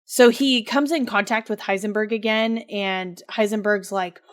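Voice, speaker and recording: A woman's voice: medium pitch, fairly even intonation, measured pace, few pauses, clear, resonant tone. A woman co-hosting a podcast, chatting casually and telling a game's story with lots of fillers and laughter. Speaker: podcast co-host. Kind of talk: casual chat recapping a game.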